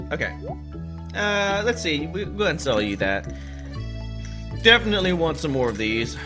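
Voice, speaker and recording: A man's voice: on the high side, very animated, moderate pace, long pauses. A man giving rambling, chatty let's play commentary while playing a farming game, with casual swearing. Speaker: gaming channel host. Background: game music.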